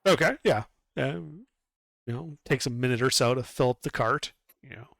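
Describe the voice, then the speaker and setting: A man running a tabletop game as game master, describing scenes in a relaxed, rambling way. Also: medium pitch, normal speed, gravelly, no echo. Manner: relaxed, rambling, lots of fillers.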